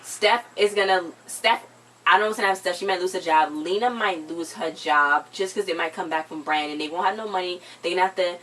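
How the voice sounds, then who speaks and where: A young woman co-hosting a casual TV recap, retelling scenes in an animated way and acting out the characters' lines. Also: lowish voice, a little fast, recorded from a distance, slight background noise. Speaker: co-host of a TV recap channel. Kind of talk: casual chat, TV episode recap.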